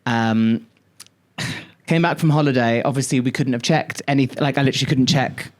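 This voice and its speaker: A male podcast co-host telling stories in casual chat, animated, drawing out words and swearing freely. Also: mid-range voice, normal speed.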